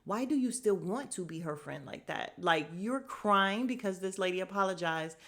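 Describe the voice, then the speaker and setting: A woman's voice: medium pitch, moderate pace. Sassy woman recapping reality TV. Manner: animated, sassy, mocks people's quotes in put-on voices. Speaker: podcast host. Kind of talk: casual TV recap commentary.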